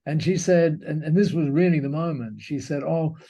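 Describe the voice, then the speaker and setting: A man speaking as a guest in an interview, telling a story reflectively and often circling back over his words. His voice sits slightly high, with a warm, dark tone and a gravelly texture. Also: a little fast. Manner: reflective, with frequent restarts and repeated words. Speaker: guest, company cofounder.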